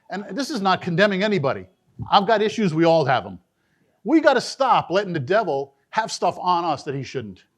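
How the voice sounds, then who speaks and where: A male pastor delivering a sermon in a church, his voice sitting high and leaping around with lively swings of pitch. He moves between loud, emphatic bursts and low, hushed asides as he preaches to the congregation. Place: church sanctuary.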